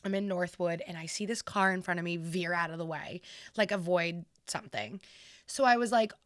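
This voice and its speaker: A woman in her twenties, a podcast co-host, telling a story in a casual, animated and heavily profane way. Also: on the low side, moderate pace, no room sound, clean studio sound.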